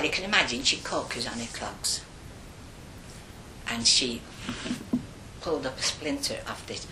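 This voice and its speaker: Older lady telling old school stories, low voice but swings all over, bright tone, echoey room. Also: slight background noise. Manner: lively, chatty, animated retelling. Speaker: interviewee. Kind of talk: oral history storytelling.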